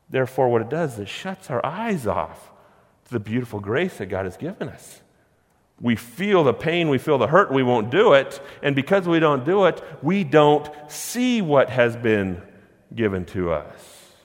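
A man preaching a sermon, slowing down on key words and swinging between hushed and loud. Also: medium pitch, big pitch swings, in a large hall. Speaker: pastor. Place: church sanctuary.

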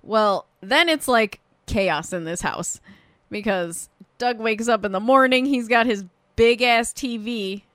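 A woman co-hosting a casual, profane chat, acting out lines in animated bursts. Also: a little high, measured pace, dry recording. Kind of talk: casual chat recapping a TV show.

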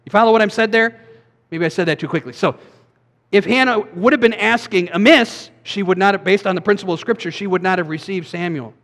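A man giving a sermon as a pastor, preaching in a conversational way with quick asides. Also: high-pitched, a bit bright, long reverb tail.

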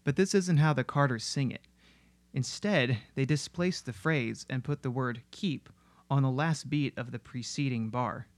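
A man's voice: mid-range voice, unhurried, no room sound. Man narrating a music analysis. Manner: analytical, steady explainer. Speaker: music video essayist. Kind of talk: scripted narration explaining music.

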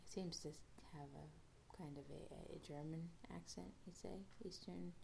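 A woman's voice: sits low, steady tone, a little slow, creaky, a little mellow, slight background noise. A woman podcast host casually recapping an episode, rambling with many fillers and restarts.

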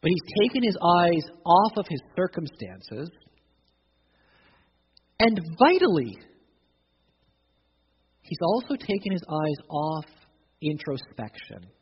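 A man's voice: sits high, very animated, takes it slowly, long pauses, husky. A man preaching a sermon, emphatic, often restarting his phrases. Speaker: pastor. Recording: dull recording, long hall reverb.

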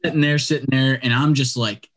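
Talking fast in a medium-pitched voice, a young man shares a long, easygoing story on a podcast. His animated, chatty style is full of "like" and "dude."

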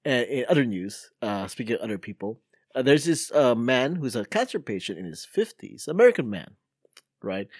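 A man's voice: mid-range voice, big pitch swings, normal speed, breathy edge, no room sound, studio quality. A man co-hosting a casual podcast, sharing odd news stories with many fillers and laughs. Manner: laughs often, trailing fillers. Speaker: co-host reading news items.

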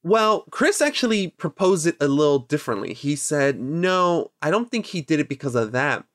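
A man hosting a podcast in casual chat, telling stories in a rambling, animated way with many restarts. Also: fairly high pitch, moderate pace, dry recording, clean studio sound. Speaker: podcast host.

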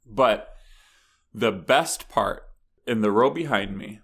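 A man co-hosting a podcast, telling an animated story in casual chat, laughing often and acting out the people in it. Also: fairly low pitch, takes it slowly, husky. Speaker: podcast co-host.

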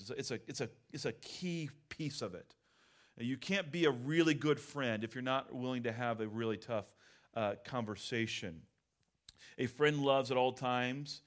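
A man's voice: mid-range voice, a bit bright. A middle-aged man and pastor preaching a sermon in a candid, conversational storytelling way.

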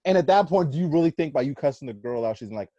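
A man co-hosting a podcast, telling stories in casual chat, swearing a lot and animated. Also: a little high, fast talker, dry recording, dull audio. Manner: profane, animated storytelling. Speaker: podcast co-host.

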